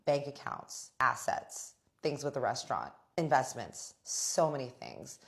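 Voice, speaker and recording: A young adult woman telling a personal story to her viewers in a casual, animated way, quoting others in her own voice. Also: a bass voice. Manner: animated, acts out quoted friends in her own voice, frequent "like". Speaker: storytime vlogger.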